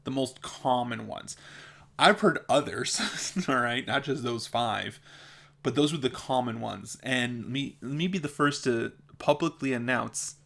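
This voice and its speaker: A man's voice: medium pitch, measured pace, creaky, a bit bright. A young adult man with a mild speech impediment, vlogging in a blunt, exasperated way and laughing between points. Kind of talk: casual opinion vlog.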